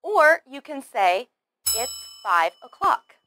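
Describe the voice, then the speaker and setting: A woman teaching English pronunciation in a slow scripted lesson, carefully over-articulating words, drilling them in repetitions and praising the learner. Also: sits high, sing-song, pushed and bright, slight background noise.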